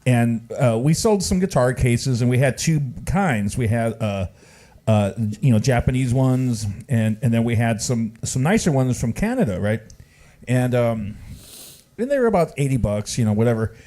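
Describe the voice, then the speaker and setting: A man's voice: mid-range voice, expressive, moderate pace, mellow. Guy hosting a coffee shop open mic, loose rambling story, lots of uh and you know. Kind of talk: casual emcee banter and anecdote.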